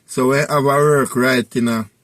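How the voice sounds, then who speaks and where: A man's voice: medium pitch, steady tone, normal speed, a bit bright, no room sound. A man with a Jamaican accent telling a personal story in a casual, rambling way and coming back again and again to the same tag phrases. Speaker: vlogger.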